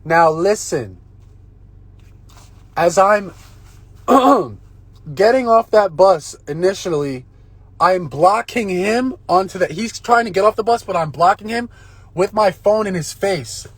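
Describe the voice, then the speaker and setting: A man telling a long story on a phone livestream, in a profane, rambling and excitable way. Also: high voice, slow, long pauses, breathy edge, no room sound. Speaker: live-streamer. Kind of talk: casual live-stream storytelling.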